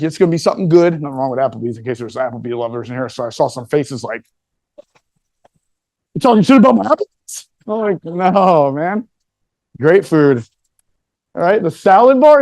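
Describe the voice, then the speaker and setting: A man tells a story to a live audience in a loose, joking way. He swears freely and keeps bantering with the listeners. His voice sits a bit high for a man, and the sound is close and dry. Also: a little mellow, dry recording. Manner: joking, profane, chatty with the audience. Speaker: speaker telling a story to a live room. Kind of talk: casual storytelling talk.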